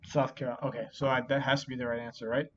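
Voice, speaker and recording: A man's voice: medium pitch, flat delivery, racing. A drunk man hosting a solo vlog, rambling and swearing constantly, frustrated and self-pitying. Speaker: channel host. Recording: dull lo-fi recording.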